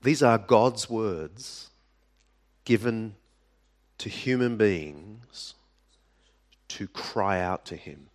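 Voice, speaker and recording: A man with a lowish voice preaches a sermon at an unhurried, measured pace. He leans into dramatic pauses and lets his voice fall quiet for effect. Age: adult. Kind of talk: sermon to a live audience.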